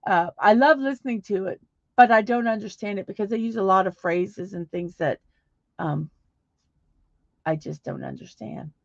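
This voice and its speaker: A woman's voice: medium pitch, normal speed, gravelly, no room sound, lo-fi sound. A middle-aged woman hosting a small live stream, chatting casually and reading viewer comments, with many fillers and restarts. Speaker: livestream host.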